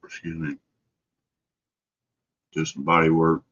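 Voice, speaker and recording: A man's voice: extremely low pitch, level tone, slow pace, fairly bright tone. A middle-aged man hosting a casual live stream, easygoing, answering viewers' messages by name. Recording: dull lo-fi stream audio.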